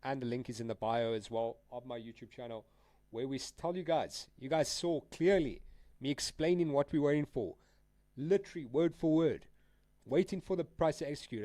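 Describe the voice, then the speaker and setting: A man's voice: on the high side, moderate pace, mellow, dry recording. A man live-streaming his trades, talking casually and full of slang while he answers chat and calls out trades. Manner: casual, slangy, addresses viewers as guys and dude.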